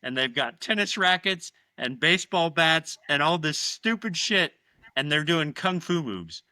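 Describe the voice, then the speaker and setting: A man's voice: fairly high pitch, animated, a little slow, pushed and bright, dry recording. A man co-hosting a casual podcast, animatedly retelling film scenes and swearing freely. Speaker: podcast co-host.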